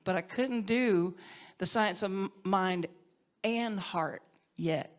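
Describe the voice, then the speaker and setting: A woman's voice: medium pitch, takes it slowly. A woman minister giving an emotional award tribute, heartfelt and tearful, laughing at times and sometimes dropping to a whisper. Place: conference hall stage.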